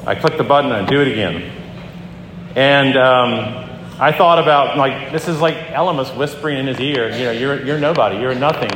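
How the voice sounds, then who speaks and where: A man's voice: on the high side, a bit bright, a little hiss or hum. A middle-aged man preaching a sermon in a conversational storytelling way, with frequent ums and restarts. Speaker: pastor. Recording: echoey hall with long reverb, faint ambience.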